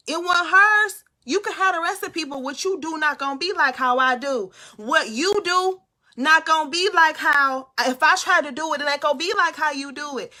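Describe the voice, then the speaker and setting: A woman on a casual live stream, talking loud and animated straight to her viewers, giving them a pep talk. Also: high voice. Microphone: phone or webcam.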